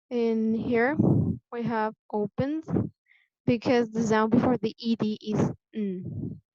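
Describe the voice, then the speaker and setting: Slow, deliberate woman teaching pronunciation. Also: a little high, a little mellow, no echo. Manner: patient and deliberate, repeating key points. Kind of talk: classroom lesson explanation. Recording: dull lo-fi sound, dry.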